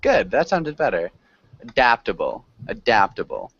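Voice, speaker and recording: A man's voice: fairly low pitch, wildly swooping pitch, moderate pace, fairly bright tone, slightly rough, no echo, muffled recording. A man teaching an online English class, patiently coaching students on words and pronunciation.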